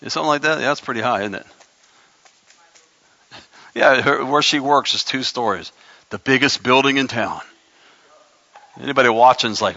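A man's voice: mid-range voice, moderate pace, long pauses, sharp tone, no room sound, lo-fi sound. A man preaching a sermon as pastor, emphatic, with joking asides to his congregation.

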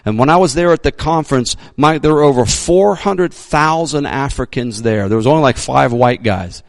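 A male pastor preaching a sermon, emphatic, sometimes shouting his readings, joking about himself. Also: medium pitch, normal speed, vocal fry, no echo.

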